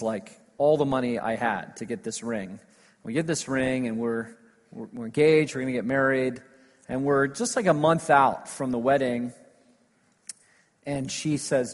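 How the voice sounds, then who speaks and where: A man preaching a sermon, telling stories with lively emphasis that swings between loud declarations and hushed asides. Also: medium pitch. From United States. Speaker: pastor. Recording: long hall reverb.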